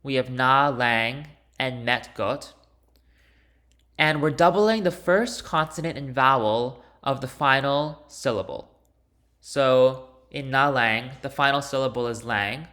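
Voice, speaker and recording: Bright-voiced man explaining step by step. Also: medium pitch, a little slow. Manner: explains step by step, with fillers and restarts. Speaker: linguistics instructor. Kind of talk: recorded lecture walkthrough.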